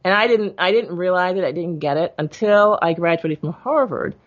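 A woman guest telling a family story in a casual, animated way, acting out her father's lines with laughs. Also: fairly low pitch, normal speed, dull audio. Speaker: interview guest.

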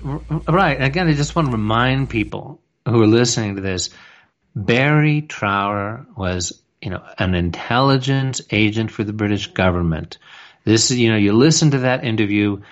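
A man's voice: lowish voice, animated, normal speed, muffled recording. A man co-hosting a radio talk show, speaking in a rambling, conversational way with many restarts. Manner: rambling, frequent restarts and filler phrases.

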